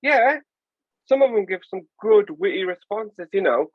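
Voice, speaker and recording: A man in his forties with a Northern English accent, chatting casually as a podcast host, animated and jokey. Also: high-pitched, unhurried, no echo, phone-quality sound. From England. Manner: animated, jokey, puts on voices. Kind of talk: casual chat.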